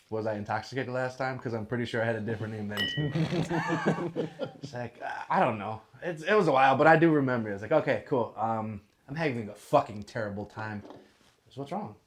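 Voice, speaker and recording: A man's voice: medium pitch, a little hiss or hum. Young man telling a rowdy story. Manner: animated, profane, laughing storyteller. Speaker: podcast guest. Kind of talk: casual storytelling chat. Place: podcast studio.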